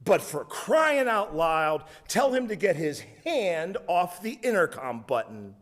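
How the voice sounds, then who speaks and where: A man's voice: sits high, big pitch swings, takes it slowly, pitched above the performer's own voice, full character voice. A man voicing a sleepy little sister who bluntly passes on her father's message. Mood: exasperated. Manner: exasperated, blunt.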